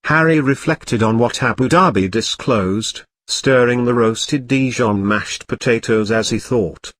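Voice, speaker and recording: A man narrating a comic audiobook parody in a deadpan storytelling manner on a close mic. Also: mid-range voice, a little slow, few pauses, no room sound.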